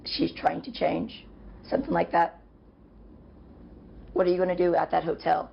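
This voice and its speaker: A woman with a lowish, very gravelly voice lectures her roommate in a confrontational tone. The clip sounds dull and lo-fi, with faint noise underneath. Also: level tone, normal speed. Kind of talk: heated confrontation.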